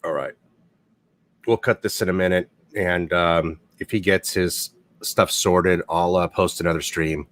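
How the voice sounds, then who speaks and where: Low-voiced guy on a livestream, cussing a lot, rambling and blunt. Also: steady tone, unhurried, a bit bright, no echo. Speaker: livestream host. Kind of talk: casual livestream chat.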